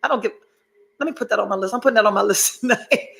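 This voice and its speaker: A woman's voice: mid-range voice, rapid-fire, gravelly, a bit bright, low-quality recording. A middle-aged woman hosting a podcast, giving a candid motivational monologue, blunt and profane, emphatic, with rambling asides. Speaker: podcast host.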